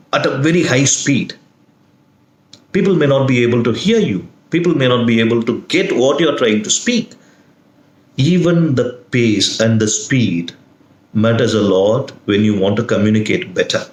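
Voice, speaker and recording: A man teaching a video lesson in a slow, deliberate way, leaning hard on single words. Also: medium pitch. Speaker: lecturer. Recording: echoey room.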